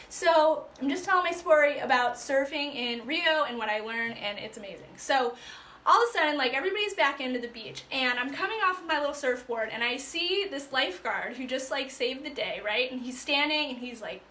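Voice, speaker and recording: A woman life coach telling a personal story to her viewers in a chatty, animated way, full of fillers. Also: high-pitched, normal speed, echoey room. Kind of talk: casual storytelling to live viewers.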